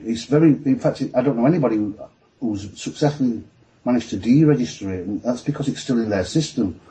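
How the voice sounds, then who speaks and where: A man with a Yorkshire accent and a mellow, warm voice tells stories as a guest on a live stream. He gets excited, speeds up and trips over his words, restarting his sentences again and again. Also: mid-range voice, poor audio. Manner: rushed, excitable, talks fast with many restarts. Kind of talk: casual storytelling on a live stream.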